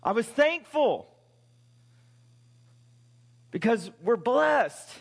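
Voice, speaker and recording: A man's voice: extremely high pitch, big pitch swings, drawn-out words, vocal fry, slightly rough, long reverb tail. A man in his forties preaching a sermon as pastor, conversational and emphatic, with frequent rhetorical questions.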